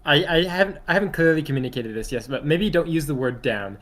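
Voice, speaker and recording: A man's voice: fairly high pitch, animated, fast talker, a bit bright. A man judging art contest entries, giving blunt critical remarks in casual chat on an online voice call. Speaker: contest judge.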